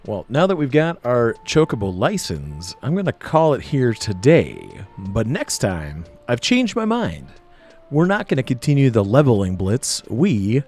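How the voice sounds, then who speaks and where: A man's voice: medium pitch, wildly swooping pitch, unhurried, a little mellow, faint music behind. An American man hosting a let's play, chatting casually over gameplay and laughing easily. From United States. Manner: chatty, giggly and easily amused.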